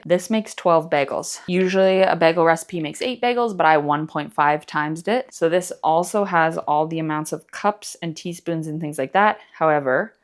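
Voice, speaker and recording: A woman vlogging casually in her home kitchen, goofy and rambling as she jokes through a recipe. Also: sits low. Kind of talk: casual cooking vlog.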